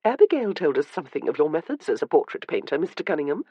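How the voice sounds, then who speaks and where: A woman's voice: deep voice, big pitch swings, fast talker, slightly rough, dry recording, dull audio, exaggerated voice. A woman voicing Elizabeth, a wry, perceptive noblewoman who teases dryly in an audiobook. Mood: gracious. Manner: dry and teasing. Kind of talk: audiobook character reading.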